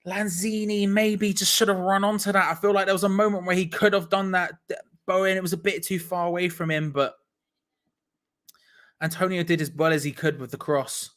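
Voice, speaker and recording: Excitable young fan commentating live. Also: male voice, fairly high pitch, moderate pace. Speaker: watch-along host. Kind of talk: live match watch-along commentary.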